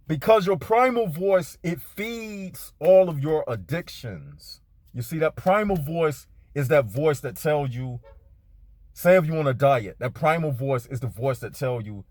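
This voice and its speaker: A man's voice: fairly high pitch, darkish tone, no room sound. A man in a parked car giving a casual spiritual talk to his viewers, laid-back and slangy, speaking straight to them. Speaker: spiritual vlogger.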